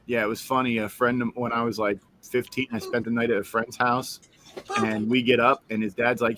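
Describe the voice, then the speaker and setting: A man chatting on a stream voice call, telling a lively anecdote and putting on voices for its people. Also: medium pitch, normal speed, background noise. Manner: animated storyteller, voices the people in his anecdote. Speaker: stream guest. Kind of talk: casual chat.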